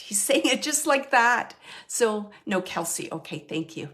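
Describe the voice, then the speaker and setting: A woman host giving a live mediumship reading in an ordinary mid-range voice. Her delivery is earnest and halting, full of fillers and restarts as she relays messages. She keeps checking in with the sitter. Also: mid-range voice, expressive, a bit bright.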